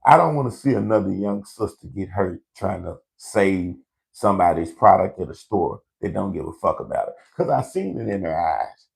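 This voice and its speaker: A man's voice: low-pitched, expressive, normal speed, gravelly. A man hosting a live comedy show, ranting in a brash, profane storytelling way to online viewers.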